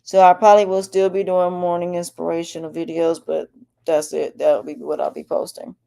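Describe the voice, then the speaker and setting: Woman podcaster, sore throat, low warm voice, candid rambling delivery. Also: little pitch movement, moderate pace, creaky. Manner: candid, rambling, with frequent restarts. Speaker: podcast host. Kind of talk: personal health update monologue.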